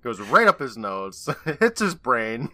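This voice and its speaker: Podcast guy, slow and bright, big pitch swings, wry jokes and lots of laughing. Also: very animated. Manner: drawn-out reactions, wry jokes, frequent laughter. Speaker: podcast co-host. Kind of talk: casual chat.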